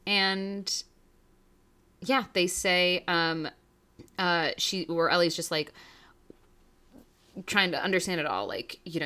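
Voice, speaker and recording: A woman's voice: low-pitched, slow pace, pauses often, bright, forceful tone. A young woman co-hosting a podcast, recapping a TV episode in casual chat, emotional and rambling, swearing freely. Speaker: podcast co-host.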